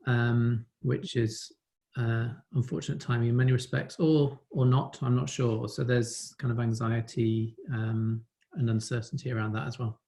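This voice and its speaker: A man's voice: medium pitch, dark tone. Reflective Englishman with English accent. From England. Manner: reflective, hedging with "kind of". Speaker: business owner. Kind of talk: casual chat on a video call. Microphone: video call.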